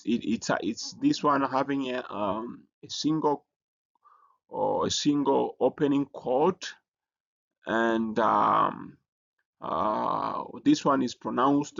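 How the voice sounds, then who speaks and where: A man presenting a recorded lesson, speaking haltingly with many fillers and restarts. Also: medium pitch, creaky, fairly bright tone. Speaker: teacher. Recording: dull lo-fi recording.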